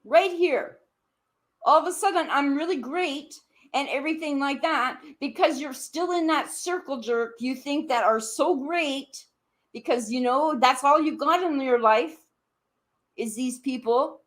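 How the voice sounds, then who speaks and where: In a heated live stream, a woman with a high voice goes after someone head-on without rushing. She keeps repeating her demands, throws in swear words, and her voice spikes upward as her anger flares.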